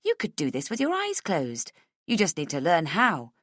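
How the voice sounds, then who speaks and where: A woman voicing a bubbly, pushy young female coworker who gushes with excitement. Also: on the low side, moderate pace, no echo, studio quality, heavily acted. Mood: excited. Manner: gushing, excitable.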